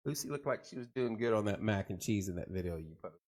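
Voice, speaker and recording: Animated middle-aged man chatting casually. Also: fairly low pitch, quick pace. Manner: joking, rambling, animated storytelling. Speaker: host of a live chat show. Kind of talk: casual live-stream chat reading viewer comments.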